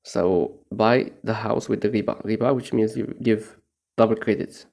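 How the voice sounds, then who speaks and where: A young man with a low, gravelly voice rambles on in a casual, profane monologue. He is stoned and his tone is mellow and unhurried, broken up by frequent laughs. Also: steady tone. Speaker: vlogger.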